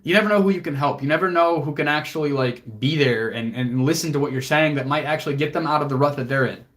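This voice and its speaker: A man's voice: fairly high pitch, fast talker, a bit bright. A young man hosting a livestream, speaking earnestly and emotionally to viewers, motivational and casual with swearing. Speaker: fitness coach and livestream host.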